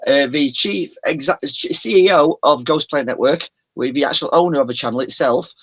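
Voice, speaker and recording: On a video call, a Yorkshireman who presents a paranormal show chats casually as a guest in a mild Yorkshire accent. His voice is fairly high, bright and husky, and he talks fairly quickly, rambling, restarting sentences and correcting himself. The highs in the recording are cut off.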